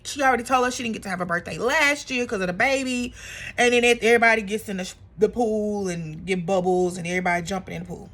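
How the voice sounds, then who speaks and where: A woman's voice: mid-range voice, fast talker. Chatty woman doing a gossipy TV recap. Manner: animated, acts out quotes in exaggerated voices; chatty with frequent fillers and laughs. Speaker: reality TV recap vlogger.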